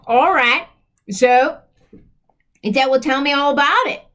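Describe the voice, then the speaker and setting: A woman with a high voice tells a casual first-person story. She rambles, repeats herself and restarts her lines, and she keeps an earnest, plain-spoken tone throughout. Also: takes it slowly, a bit bright.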